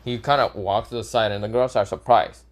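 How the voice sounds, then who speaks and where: A man's voice: lowish voice, fairly even intonation, brisk. A young man telling an improvised fan-fiction story, rambling with lots of fillers and frequent swearing.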